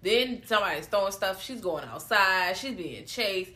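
A woman's voice: medium pitch, expressive, moderate pace, sharp tone. A woman in casual chat, animatedly retelling a film with profane slang and acted-out quotes. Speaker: podcast co-host recapping a film.

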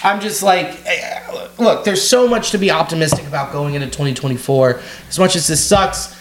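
A man co-hosting a podcast, chatting casually about sports, excitable and swearing freely. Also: on the high side, brisk, slight background noise. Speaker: podcast co-host. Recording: roomy echo.

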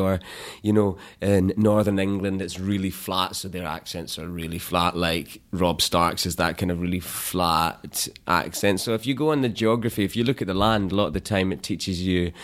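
Scottish guy with a real low voice, laid back, laughs easy, chatting about acting. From Scotland. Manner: relaxed, thoughtful, laughs easily. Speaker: actor guest. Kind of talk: casual interview chat.

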